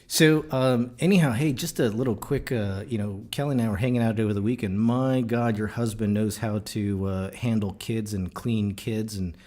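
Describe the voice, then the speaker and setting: A man hosting a podcast, talking in a casual, animated and jokey way with many fillers and restarts. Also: lowish voice, normal speed, hardly any pauses. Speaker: podcast host.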